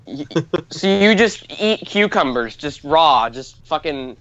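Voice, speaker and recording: A man's voice: on the high side, lively intonation, slow pace, fairly bright tone, dry recording, dull audio. A man co-hosting a podcast, chatting casually and teasing his friends. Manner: teasing, joking. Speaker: podcast co-host. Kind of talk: casual chat.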